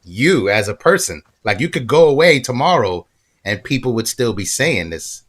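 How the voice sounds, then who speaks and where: A man hosting a casual podcast chat, animated and full of praise for his guest, often repeating words as he talks. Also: mid-range voice, normal speed. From Florida. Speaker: podcast host.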